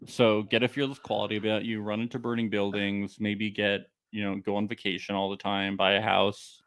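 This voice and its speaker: A man's voice: on the low side, little pitch movement, a little fast, a bit bright, no room sound. A man co-hosting a podcast, recapping a reality show in casual chat, joking and laughing often. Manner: joking, laughs often, puts on voices for people he quotes. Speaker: podcast co-host.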